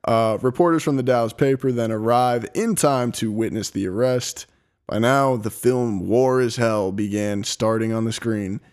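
A man's voice: mid-range voice, normal speed, a little mellow. Young male podcast host, casual, profane storyteller, laptop recording at home. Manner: profane, laughing, reads from a script. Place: apartment.

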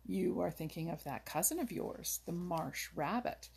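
A woman reading aloud voices Old Mother Nature, a wise, kindly but firm old woman who teaches the woodland animals patiently and can turn sharp. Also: lowish voice, animated, moderate pace, full character voice. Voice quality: husky, creaky. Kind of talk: storybook reading.

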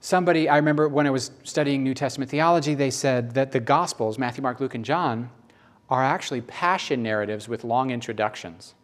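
A middle-aged man preaching a sermon in a conversational, emotional storytelling manner. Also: fairly quick. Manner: conversational, emotional storytelling with sudden rises in pitch.

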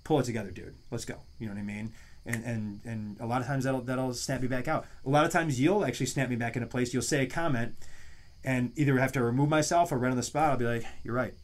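A man's voice: mid-range voice, steady tone, fast talker. A man in his thirties hosting a casual podcast, talking loosely with many restarts and asides. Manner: rambling, many restarts and "you know what I mean". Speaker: podcast host.

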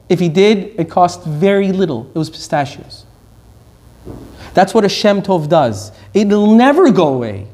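A man's voice: high voice, a little mellow. A middle-aged man from Iran giving a Torah lecture as a teacher, emphatic, repeating his key points and drifting into anecdotes.

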